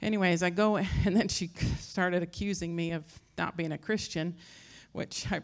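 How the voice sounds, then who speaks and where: A woman who teaches Christian faith, giving an informal talk and telling rambling, animated stories that act out other people's voices. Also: fairly low pitch, moderate pace. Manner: acts out quoted voices.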